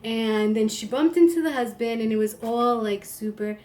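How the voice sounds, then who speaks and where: A woman's voice: fairly high pitch, moderate pace, darkish tone. A woman in her thirties hosting a live stream, casual and rambling, with lots of "like". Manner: chatty, rambling, frequent "like". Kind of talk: casual chat.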